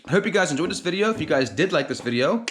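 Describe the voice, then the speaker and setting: A man's voice: fairly high pitch, animated, very fast. A man chatting casually to camera as a vlog host, rambling with lots of fillers. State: out of breath. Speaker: channel host. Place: outdoors on top of a gorge.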